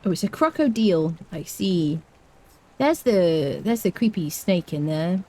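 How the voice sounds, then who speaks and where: A Scottish woman chatting playfully to viewers as she plays and guides a game, with careful, clear enunciation. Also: lowish voice, expressive, a little slow, mellow. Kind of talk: casual live-stream gameplay commentary.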